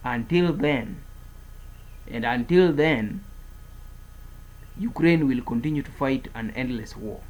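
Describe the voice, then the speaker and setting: Husky man delivering emphatic warnings. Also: medium pitch, slow, pauses often, darkish tone, low-quality recording. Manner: emphatic, repetitive, declaring and warning. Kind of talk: political commentary monologue.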